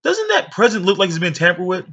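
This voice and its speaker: Give me a man playing a stern lady calling out a sneaky kid, pitched up. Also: huge pitch swings, fast, sharp tone, exaggerated voice. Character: stern adult woman catching a sneaky child.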